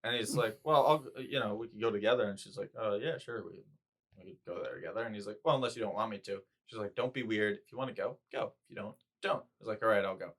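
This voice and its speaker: A podcast co-host chats casually, laughing a lot as he acts out movie lines. He has a lowish, fairly bright voice and talks at a quick pace.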